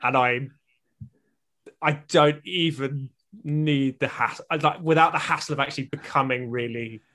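A man's voice: mid-range voice, moderate pace, sharp tone. A man, a stand-up comedian, musing in casual chat with a self-deprecating manner.

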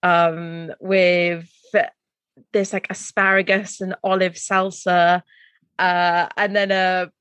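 A woman's voice: lowish voice, flat delivery, a bit bright, clear, resonant tone, no echo. A chatty woman from Wales, speaking, gushes to her co-host in casual podcast talk. Her voice sits mid-range and is recorded dry and close. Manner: chatty, gushing, quick to laugh, lots of fillers. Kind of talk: casual chat.

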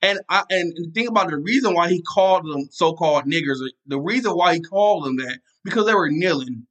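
Heated podcast host, bright and fiery. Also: male voice, on the high side, lively intonation, brisk. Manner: angry, repetitive, many restarts and fillers. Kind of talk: casual solo podcast rant.

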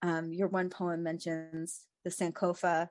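A woman's voice: on the low side, level tone, measured pace, a little mellow, no room sound. A woman podcast host telling a story in casual chat, laughing often and using lots of fillers.

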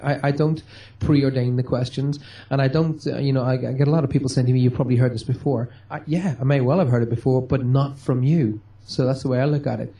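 A man, a medium, answering interview questions with lively, joking stories and acted-out dialogue. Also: mid-range voice, a little fast, hardly any pauses. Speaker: medium and touring stage performer.

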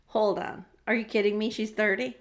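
A woman's voice: mid-range voice, steady tone, moderate pace. A woman co-hosting a podcast, chatty and frank, laughing often between remarks. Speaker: podcast co-host. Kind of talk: casual recap chat.

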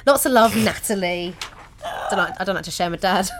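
A woman from England co-hosting a podcast, chatting casually with blunt, animated remarks and casual swearing. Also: mid-range voice, brisk, background noise. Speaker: podcast co-host. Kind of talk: casual chat.

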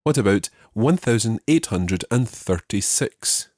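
A man hosting a podcast language lesson, patiently giving English phrases and repeating the answers slowly and clearly. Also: fairly low pitch, expressive, a little mellow, no echo, studio quality. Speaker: language teacher host.

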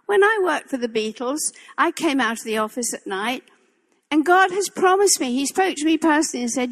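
A woman's voice: sits high, animated, moderate pace, long reverb tail. An older woman preaching a sermon in a church, impassioned and emphatic, repeating her phrases for weight.

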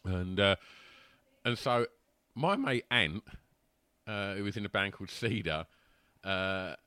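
A man's voice: lowish voice, slow, smooth, no echo. A man telling a rowdy anecdote in casual chat, laughing and acting out the voices. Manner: animated, laughing, acts out voices.

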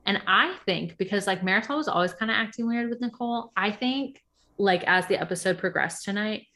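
A woman's voice: medium pitch, fairly quick, bright, forceful tone. Chatty young woman gossiping. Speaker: podcast co-host. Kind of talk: casual chat recapping reality TV.

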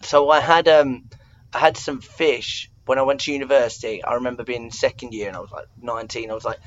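A man's voice: mid-range voice, steady tone, quick pace, dull audio. A young man from England in his twenties, chatting casually and telling rambling stories with self-mocking asides. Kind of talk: casual chat.

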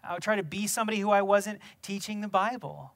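Bright-voiced, emphatic preacher man. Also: high-pitched, fast. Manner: emphatic, rising to loud exhortation with rhetorical questions. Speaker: pastor. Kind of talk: sermon.

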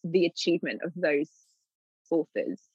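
A woman's voice: low-pitched, normal speed, breathy edge, dry recording. Woman guest chatting frankly, acts out what she said, kinda dull dry recording. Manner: animated, acts out her own past remarks, laughs often. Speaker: literary agent, guest. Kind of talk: candid interview conversation.

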